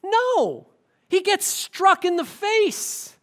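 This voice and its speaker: A male pastor delivers a sermon in a high, animated voice that swoops widely. He speaks at an unhurried pace, building to forceful, impassioned emphasis before dropping low and quiet. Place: church sanctuary.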